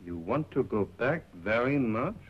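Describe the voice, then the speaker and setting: An actor playing a soft-spoken, coaxing shopkeeper with scheming motives in a 1930s film. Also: male voice, medium pitch, expressive, unhurried, natural voice. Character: smooth, scheming shopkeeper courting a young woman. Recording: muffled old 1930s film soundtrack with hiss.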